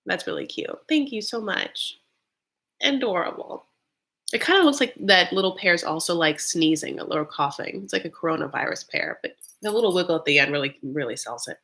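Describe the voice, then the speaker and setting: Sharp-toned and low-voiced, a woman races through her live reaction stream with hardly a pause, sounding animated. She keeps the casual commentary sassy and chatty, sprinkling in plenty of "like" and "honey."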